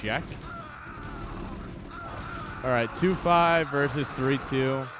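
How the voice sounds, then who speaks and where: A young man casting a live strategy game match, excitable and joking, breaking into loud yells. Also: mid-range voice, extremely slow, noisy background. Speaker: esports caster. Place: home streaming setup.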